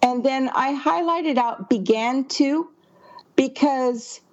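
A woman's voice: high voice, slow pace, lo-fi sound. A woman editor reading passages of a manuscript aloud and explaining her edits. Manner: explanatory, reads passages aloud then comments. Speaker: book editor. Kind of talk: manuscript critique walkthrough.

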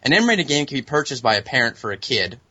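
Bright, sardonic young man ranting. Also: medium pitch, sing-song, quick pace, no echo. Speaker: podcast co-host. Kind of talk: ranting commentary. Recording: dull lo-fi sound.

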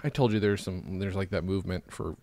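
A man's voice: sits low, steady tone, fairly quick, a little mellow. A man co-hosting a podcast, rambling casually over drinks with fillers and swearing. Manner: rambling, profane, lots of fillers. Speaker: podcast co-host. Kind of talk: casual chat while drinking. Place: Los Angeles.

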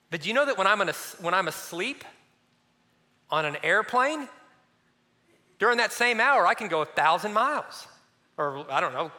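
A man preaching a sermon as a pastor, animated and storytelling, who drops at times to a soft, near-hushed voice. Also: high-pitched, long reverb tail.

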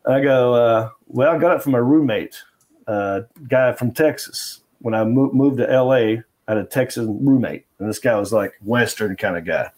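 Comedian guest, middle-aged man, mid pitch, rambling anecdotes. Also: moderate pace, darkish tone. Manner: rambling anecdotal with fillers and restarts. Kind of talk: casual interview storytelling.

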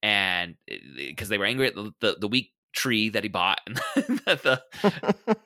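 A man with a very bright, forceful voice and a lowish pitch talks as an enthusiastic podcast guest. He laughs often and sometimes trails off while searching for the right word. The recording is dry and close. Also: very animated, unhurried, no room sound. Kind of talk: casual chat.

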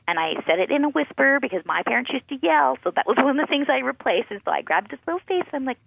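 A woman, a pastor's wife and author, telling lively family stories as a radio guest and acting out the dialogue. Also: a little high, fairly quick, gravelly, breathy edge. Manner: lively anecdotes, acts out quoted dialogue. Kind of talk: animated personal storytelling in a radio interview. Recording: phone-like narrow sound.

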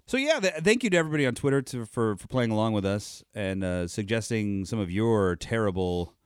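Laid-back low-voiced man chatting. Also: animated, normal speed, clean tone, dry recording. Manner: laid-back, chuckling often. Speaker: podcast co-host. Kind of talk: casual chat.

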